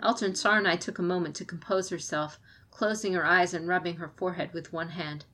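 A woman's voice: fairly low pitch, steady tone, brisk, a bit bright. Woman narrating a samurai story. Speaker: audiobook narrator. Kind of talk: scripted narration.

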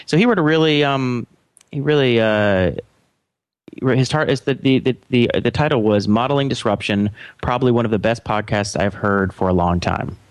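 A man co-hosting a casual tech podcast, talking haltingly with many restarts and rambling asides. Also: mid-range voice, clear, resonant tone, no echo. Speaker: podcast co-host.

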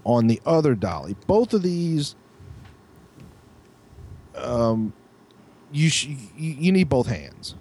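A man co-hosting a podcast, telling a profane, animated story with lots of restarts. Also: medium pitch, slow pace, long pauses. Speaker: podcast co-host. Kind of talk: casual storytelling chat.

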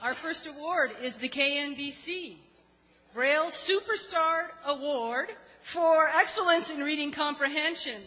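A woman's voice: sits high, unhurried, sharp tone. A woman hosting a live awards event, announcing guests and awards. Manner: upbeat, announcing. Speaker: host. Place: large live event hall. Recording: reverberant hall with music.

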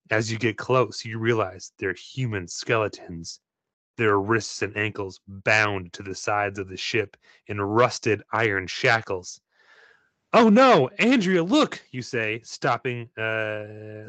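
A man's voice: fairly low pitch, a bit bright, dry recording. A man reading a choose-your-path story aloud in a playful way, breaking off now and then with joking asides. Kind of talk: playful read-aloud narration.

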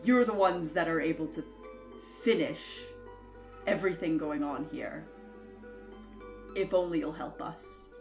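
A sheepish, weary townsman in a tabletop game, halting and earnest as he begs for help, put on by a woman game master. The voice sits low and drawls slowly. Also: soft background music. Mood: urgent.

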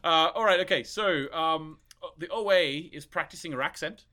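A man's voice: a little high, moderate pace, pushed and bright. A man co-hosting a podcast in casual, rambling chat, swearing freely. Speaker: podcast co-host.

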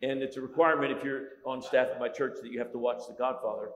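A man's voice: mid-range voice, steady tone, fast talker. A middle-aged man preaching a humorous sermon, telling stories with lots of restarts. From Italian-American. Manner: joking, storytelling, many restarts. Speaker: pastor. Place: large church hall. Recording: echoey church hall.

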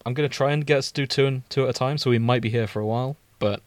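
A man hosting a casual chat podcast, easygoing and quick to laugh while he sets up a reading. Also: medium pitch, no echo. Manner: easygoing, giggly, organizing the reading. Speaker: podcast host.

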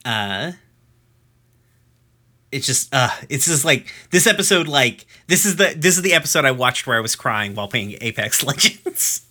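A man in his thirties talks loosely through an episode recap, and his voice has a bright, forceful edge. He rambles and swears freely, with plenty of fillers and restarts. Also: medium pitch, lively intonation, normal speed. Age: 30s. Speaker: podcast host recapping episodes. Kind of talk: casual chat.

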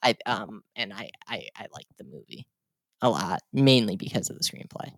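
A man's voice: fairly low pitch, lively intonation, moderate pace, creaky, a bit bright, no room sound. A man co-hosting a casual film discussion, chatty and opinionated, with frequent fillers and restarts. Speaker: podcast co-host.

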